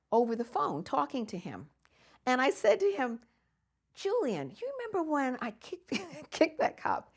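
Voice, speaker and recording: An older woman from the United States, recounting memories in an interview with lively storytelling and frequent laughter. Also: fairly low pitch. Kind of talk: oral history storytelling.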